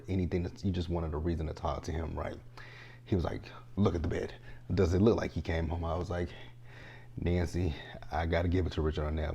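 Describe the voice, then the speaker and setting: A young man giving a casual, animated recap of a TV episode, talking straight to the characters in exasperation. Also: sits low, husky. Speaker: TV show reviewer.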